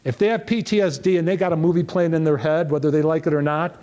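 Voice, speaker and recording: A man's voice: a little high, fast talker. A middle-aged man giving a motivational keynote talk, telling stories and acting out the dialogue. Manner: animated, acts out dialogue in quoted voices. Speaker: motivational speaker.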